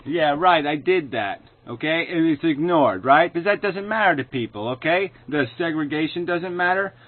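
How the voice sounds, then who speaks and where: A man rants through a furious, sarcastic commentary, swearing constantly and flaring into shouts. His voice sits fairly high for a man. The sound is thin and tinny, like a phone line. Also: lively intonation, moderate pace. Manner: profane, sarcastic, shouting in bursts. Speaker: video commentator. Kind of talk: angry ranting commentary.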